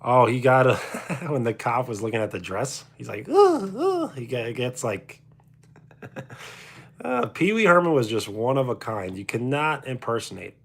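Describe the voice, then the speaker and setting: Husky streamer with a New York accent, unhurried chat banter, lively intonation. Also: male voice, mid-range voice. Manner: reads out and answers chat comments. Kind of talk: casual livestream chat.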